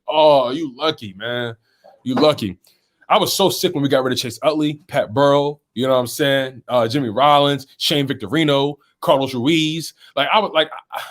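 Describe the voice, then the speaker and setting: A man hosts a casual sports talk live stream. He reads viewer comments aloud one after another and answers each in an easygoing, chatty way, in a mid-range voice. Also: mid-range voice.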